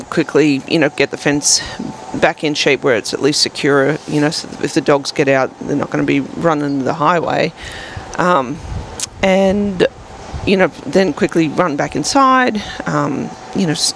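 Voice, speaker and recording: A woman's voice: sits low, creaky, a little hiss or hum, low-quality recording. A woman co-hosting a podcast, telling a long rambling story in casual chat with many fillers. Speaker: podcast co-host.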